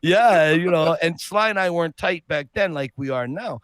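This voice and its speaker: A man on a podcast telling an animated personal story, acting out the people he quotes. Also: on the high side, normal speed, dry recording. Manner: lively anecdote teller who acts out quotes. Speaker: podcast guest.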